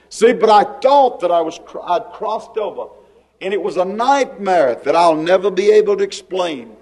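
A man preaching a sermon, slow and dramatic, telling of his own spiritual ordeal. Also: a little mellow, low-quality recording. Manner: slow, dramatic preaching with sweeping pitch swings.

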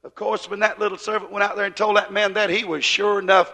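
A man preaching. His tone is bright and forceful, and he tells the story in a folksy way, pushing up to shouts. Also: high-pitched, fairly quick. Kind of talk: sermon.

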